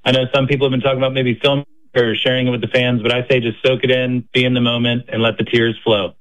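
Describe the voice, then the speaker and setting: Male caller, call-in chat, friendly, quick bursts. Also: mid-range voice, level tone, a bit bright, rough recording.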